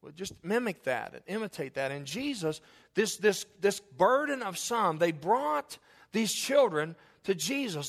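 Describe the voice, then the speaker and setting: A male pastor preaching an animated sermon, repeating phrases for emphasis and joking with his congregation, recorded in a church. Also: high voice, vocal fry. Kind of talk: sermon with humorous asides. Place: church sanctuary. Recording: long reverb of a church hall.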